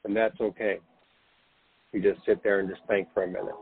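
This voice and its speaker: Male host, low husky voice, soothing and reassuring, dry phone-line sound. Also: level tone, a little fast. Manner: gentle, reassuring, guiding the listener to breathe and relax. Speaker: podcast host. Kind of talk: late-night spiritual podcast talk.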